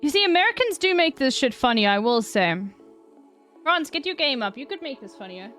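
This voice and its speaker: A woman's voice: sits high, very animated, fairly quick, fairly bright tone, soft background music. A woman streamer chatting casually while reacting to news, giggling often and trailing off mid-sentence. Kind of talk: casual chat.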